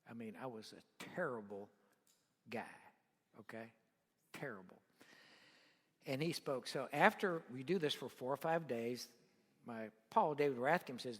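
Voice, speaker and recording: An older man emceeing a luncheon, making blunt, folksy announcements and telling personal stories to the crowd. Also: medium pitch. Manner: blunt, folksy, joking, talks straight at the crowd. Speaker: luncheon emcee introducing the guest speaker. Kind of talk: casual announcements and personal storytelling. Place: luncheon hall. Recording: long reverb of a large hall.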